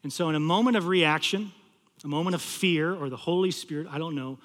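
A man preaching a sermon as a campus pastor, telling a story and swinging between loud pleading and hushed, low passages. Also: a little fast, in a large hall.

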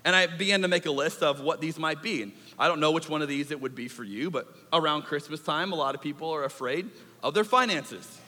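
A man in a church sanctuary delivers a sermon. He talks in an animated, conversational way and acts out little asides. His high, bright voice rings through a large, reverberant hall. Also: a little fast. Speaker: pastor.

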